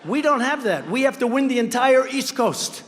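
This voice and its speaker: A very high, animated male voice at normal speed, with a fairly bright tone, belongs to a political candidate at a large campaign rally. Standing at a podium microphone, he rambles and boasts, mocking his rivals by acting out their words. The recording carries the long reverb of a large venue.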